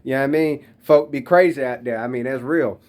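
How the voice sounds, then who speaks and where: A man in his thirties with a medium-pitched, darkish voice reflects casually on faith, speaking fairly quickly. His talk is loose, slangy and rambling, and he addresses his listeners directly.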